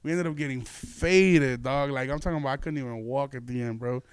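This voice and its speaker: A man's voice: medium pitch, brisk, smooth, no room sound. Laid-back profane man telling a story. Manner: loose, profane, laughing storyteller. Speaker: podcast host and comedian. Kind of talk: casual storytelling chat.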